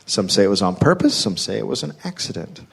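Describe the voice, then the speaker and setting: A man's voice: fairly low pitch, big pitch swings, quick pace, creaky, a crowd in the background. Man recounting history with dry asides. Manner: reading from notes, dry, with wry asides. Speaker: host and storyteller. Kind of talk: comedic history storytelling. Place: live stage before an audience.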